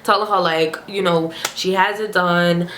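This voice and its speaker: A young woman, a vlogger, telling a casual, animated storytime in slangy everyday speech. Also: on the low side, a little slow, slight background noise. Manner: chatty, animated, slangy storyteller who breaks into character voices. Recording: roomy echo, faint ambience.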